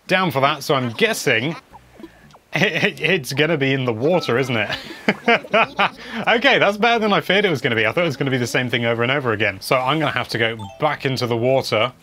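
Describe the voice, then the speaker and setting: A man's voice: mid-range voice, bright, forceful tone, slight background noise. A man giving casual, wry commentary over gameplay, chatting and humming as he plays. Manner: wry, chatty, hums while playing. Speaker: game video presenter.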